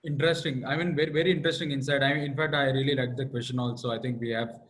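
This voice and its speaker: A man's voice: medium pitch, fairly even intonation, racing, fairly bright tone, poor audio. Hesitant Indian English male host. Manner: hesitant, many fillers. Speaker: host reading audience questions. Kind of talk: live Q&A moderation.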